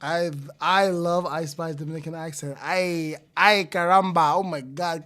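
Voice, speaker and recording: A man's voice: fairly high pitch, steady tone, a little slow, hardly any pauses. A young man streaming live, reacting to music in a hyped, slangy way. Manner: hyped, slangy, loud outbursts and laughter.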